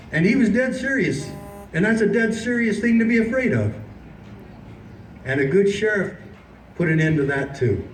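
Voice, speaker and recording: High-voiced man preaching at an echoey outdoor rally. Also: expressive, moderate pace, pauses often, distant mic, a little hiss or hum. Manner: impassioned storytelling, emphatic and preachy. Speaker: sheriff and political activist. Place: outdoors at a city hall.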